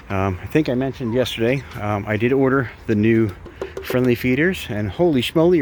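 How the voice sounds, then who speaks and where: A man who keeps birds, chatting casually on a vlog as he walks by an outdoor aviary. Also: slight background noise. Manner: chatty, baby-talks to birds in a high voice. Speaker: bird sanctuary keeper.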